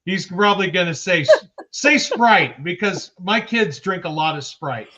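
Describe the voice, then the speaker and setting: A man's voice: high-pitched, sharp tone. A man co-hosting a casual sports podcast, joking and poking fun at himself. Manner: joking, self-deprecating, unhurried. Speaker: podcast co-host.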